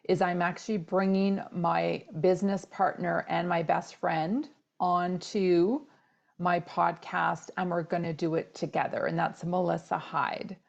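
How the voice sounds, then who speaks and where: Middle-aged woman, podcast host, low voice, candid rambling storytelling, casual solo talk, lo-fi sound. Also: gravelly, a little mellow. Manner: candid, personal storytelling with frequent fillers.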